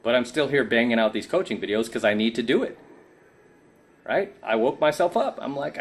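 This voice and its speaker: In a brisk, animated voice of medium pitch, a man coaches other men through a casual vlog monologue on YouTube. Short on sleep and tired, he stays emphatic and preachy, frequently tossing in "right?"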